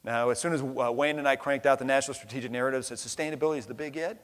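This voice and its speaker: In a rapid-fire delivery, a middle-aged man from the United States speaks in a steady, mid-range voice during an impassioned plenary keynote. Blunt, emphatic and casually profane, he often tacks on "right?". The recording carries the long reverb of a large hall.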